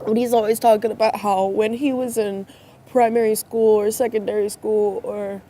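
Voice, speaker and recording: A vlogger at dusk stands by a road, faint traffic in the background, and talks into her phone. Her mid-range voice is dark and steady at a moderate pace, though she sounds stuffy-nosed from crying and rambles hesitantly in casual talk to camera.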